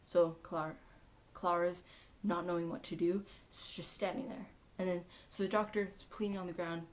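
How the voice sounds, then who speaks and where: A woman giving a casual, excitable recap of a TV episode, chatty and full of ums and likes. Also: fairly low pitch, moderate pace, few pauses. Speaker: TV episode reviewer.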